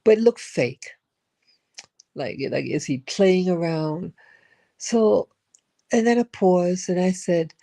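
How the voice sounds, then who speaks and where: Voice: mid-range voice, slow pace, creaky, long pauses, dark tone. An older person telling a personal story in a rambling, reflective way, often repeating and restarting words. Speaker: spiritual vlogger.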